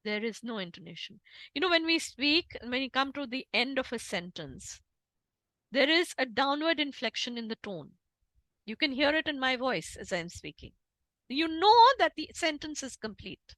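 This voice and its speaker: A woman with an Indian English accent lectures emphatically, her high voice bright and lively. The sound is dry and close, with no room echo. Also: normal speed. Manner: emphatic, animated lecturing with demonstrations. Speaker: guest speaker on interpreting. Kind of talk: online talk.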